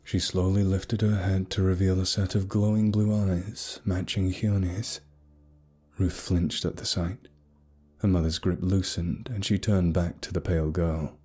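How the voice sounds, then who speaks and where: A man narrating a scripted horror story in a steady, grave storytelling manner. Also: deep voice, unhurried, slightly rough. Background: soft music.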